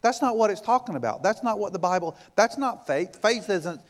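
Guy pastor w a high voice, preaching hard, repeats himself a lot, goes loud then quiet. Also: animated, a little fast. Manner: emphatic, repetitive, rhetorical questions; swings between loud and hushed. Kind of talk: sermon.

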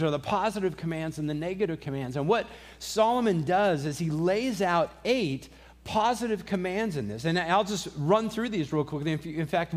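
A middle-aged pastor giving a sermon in a loose, conversational way, with frequent restarts and dry asides. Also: male voice, high-pitched.

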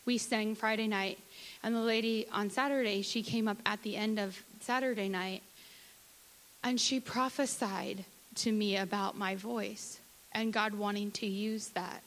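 High-voiced woman giving an earnest testimony. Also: fairly bright tone, poor audio. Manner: earnest, candid, conversational with quoted asides. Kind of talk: sermon testimony.

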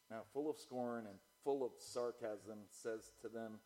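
A man preaching a sermon, moving from loud, declaiming passages to low, quiet asides as he reads and explains scripture. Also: unhurried, few pauses, low-quality recording. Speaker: pastor.

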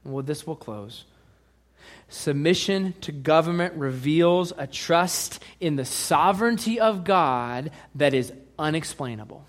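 A pastor preaching a sermon, emphatic, asking the congregation questions and reading scripture aloud. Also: male voice, on the high side, animated, unhurried.

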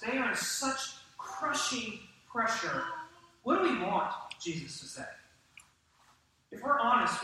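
A man preaching a sermon to his congregation with animated delivery and questions to the room. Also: high-pitched, distant mic, slight background noise. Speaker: pastor. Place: church sanctuary. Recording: echoey church hall from off-mic.

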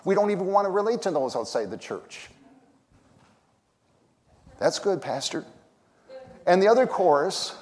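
A man preaching a sermon, telling stories, singing lines of worship songs and building to shouted calls. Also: fairly high pitch, very animated, normal speed, pauses often. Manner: storytelling, sings lines of songs, rises to shouts. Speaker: pastor. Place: church sanctuary. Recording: long hall reverb.

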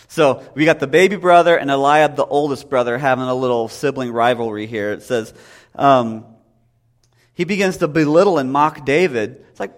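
A man's voice: mid-range voice, normal speed. A man in his thirties preaching a casual sermon in a conversational way, often acting out voices from the story.

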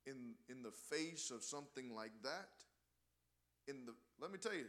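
A man preaching a sermon, impassioned, often swelling louder on key words and restarting his phrases. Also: medium pitch, expressive, normal speed.

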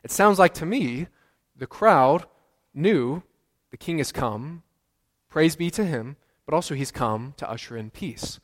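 Male pastor, slightly high voice, earnest sermon delivery with repeated lines and questions to the pews, long church reverb. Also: expressive, measured pace. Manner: earnest, repeats key phrases, quizzes the congregation. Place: church sanctuary.

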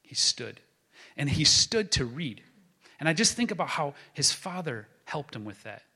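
A man preaching a sermon as a pastor, building to emphatic proclaiming and then dropping to a hushed tone. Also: a little high, big pitch swings, normal speed, breathy edge.

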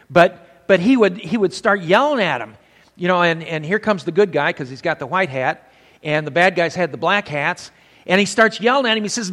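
An older male preacher with a slightly high voice, giving a sermon that moves from scripture to folksy stories. His words carry a long reverb, as if he is in a large hall. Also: fairly bright tone.

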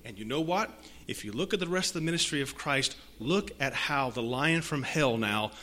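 A man preaching a sermon, swinging from hushed lines to loud emphatic ones and reading scripture aloud with repeated rhetorical phrases. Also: mid-range voice, lively intonation, moderate pace, slight background noise.

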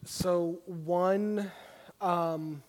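High-voiced man leading a class. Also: fairly even intonation, drawn-out words, in a large hall. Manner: conversational, many "you know" fillers. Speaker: class teacher. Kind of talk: leading a Bible study class.

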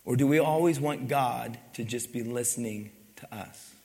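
In a church hall with long reverb, a man preaches a sermon at a medium pitch and moderate pace, his tone darkish. The pastor asks the congregation questions and presses his points with emphasis.

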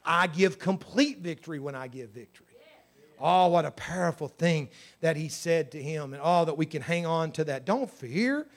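A man with a high-pitched voice preaches a sermon in a church. He swings from loud, ringing exclamations down to hushed, confiding asides. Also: normal speed. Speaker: pastor.

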